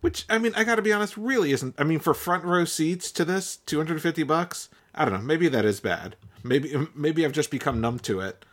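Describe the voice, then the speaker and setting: A man co-hosting a podcast in a relaxed, wry way, sometimes reading details aloud as he chats. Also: on the high side, brisk, hardly any pauses. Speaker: podcast co-host. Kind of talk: casual chat.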